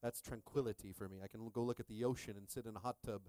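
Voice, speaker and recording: A man in his thirties preaching a sermon as pastor, animated and jokey, calling out to the congregation for responses. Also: on the low side, very fast, no echo.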